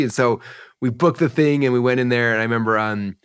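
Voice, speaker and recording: Fast-talking man telling a personal story. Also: mid-range voice, clear, resonant tone. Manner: rambling, emotional, lots of "like" and "um". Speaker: entrepreneur guest. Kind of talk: candid interview storytelling.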